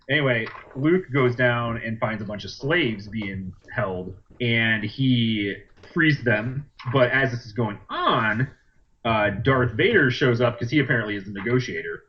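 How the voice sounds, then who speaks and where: A man co-hosting a podcast in casual chat, rambling through a plot retelling with lots of fillers. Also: medium pitch. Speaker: podcast co-host. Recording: dull lo-fi podcast recording.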